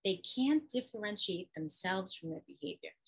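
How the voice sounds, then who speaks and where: Woman host with a husky voice, animated teacher who acts out examples for parents. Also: medium pitch, normal speed, poor audio. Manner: expressive, acts out parent and child. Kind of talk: instructional talk to camera.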